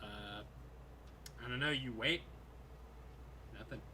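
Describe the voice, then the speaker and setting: A man narrating as game master of a tabletop game, unhurried and hesitant with many fillers. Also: medium pitch, bright, forceful tone, a little hiss or hum.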